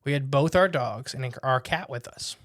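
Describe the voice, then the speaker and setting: A man's voice: mid-range voice, normal speed, no room sound. Young man hosting a podcast, dry mic. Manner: animated storyteller, laughs while telling. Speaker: podcast host. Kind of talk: casual chat and reading listener stories aloud.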